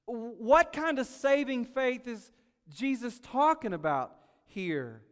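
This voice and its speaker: A man preaching a sermon as pastor, swinging between loud urgency and quiet asides. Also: very high-pitched, animated, slow pace, long reverb tail.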